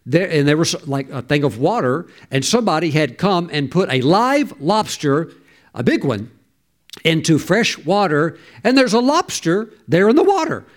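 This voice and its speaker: A man preaching a sermon in a slightly higher-than-usual voice. He tells a story and breaks into exclamations, calling on the congregation for amens. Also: big pitch swings, moderate pace. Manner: storytelling, exclamatory, calls for amen.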